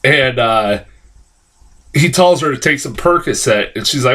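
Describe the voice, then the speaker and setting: A man giving a casual, rambling film review, swearing a lot and stumbling through restarts, jumping higher whenever he quotes a line. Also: normal speed. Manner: rambling, heavy swearing, many fillers and restarts; jumps to high, excited pitch when quoting lines.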